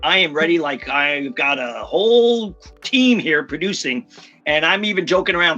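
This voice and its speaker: Husky-voiced guy coaching on public speaking, bright pushy tone, talks fast and emphatic, little music bed under it. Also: a little high, lo-fi sound. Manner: energetic, emphatic, slips into quick impressions. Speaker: communication coach. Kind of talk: podcast interview.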